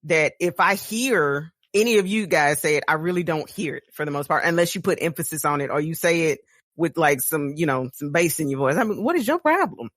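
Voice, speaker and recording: A woman's voice: sits low, a little fast, a bit bright, dry recording, clean studio sound. Blunt, laughing Texan woman co-host. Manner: laughs often, blunt and candid. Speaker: podcast co-host. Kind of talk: casual chat. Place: studio.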